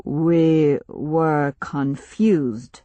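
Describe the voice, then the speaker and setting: A woman voicing a wary young tribesman who speaks slowly and stiffly, in an audiobook. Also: deep voice, fairly even intonation, dark tone, no echo, pitched below the performer's own voice. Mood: puzzled, formal. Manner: slow, stiff, formal speech. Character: wary tribal young man, slow and formal.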